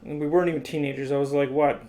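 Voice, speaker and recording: Speaking very fast in a slightly high voice, a man in his twenties retells his story casually. He's animated and exasperated, using "like" constantly.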